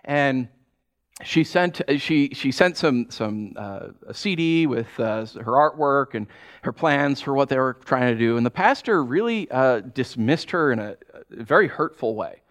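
A man's voice: mid-range voice, measured pace. A pastor preaching a sermon, talking animatedly and acting out the people he quotes. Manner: animated, acts out quoted voices.

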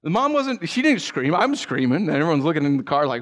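A middle-aged man giving a sermon as a pastor, telling stories with animated energy, acting out scenes with sound effects and often restarting his phrases. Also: on the high side, fast, vocal fry, hardly any pauses. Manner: repeats words, restarts phrases.

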